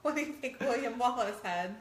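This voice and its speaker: A woman's voice: fairly high pitch, animated, a little fast, reverberant. A middle-aged woman co-hosting a show, chatting casually and teasingly with her husband, laughing often. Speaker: podcast co-host. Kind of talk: casual chat with spouse.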